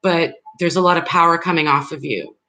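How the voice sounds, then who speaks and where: A woman's voice: lowish voice, fairly even intonation, a little fast, pushed and bright, rough recording. A woman giving live tarot readings, speaking directly and reassuringly to her viewers in a loose, rambling way. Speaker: tarot reader.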